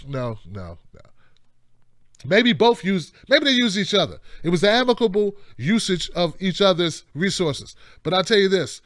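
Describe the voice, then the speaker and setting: A man's voice: high-pitched, a bit bright, dry recording, clean studio sound. A man hosting a call-in news commentary show, talking in a casual, joking, slangy way. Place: indoor home studio.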